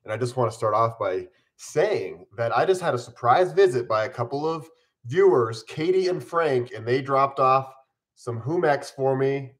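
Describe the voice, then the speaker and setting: A man's voice: mid-range voice, expressive, normal speed. A man in his forties hosting a casual live stream from home, chatting upbeat and eating on camera while mildly ill.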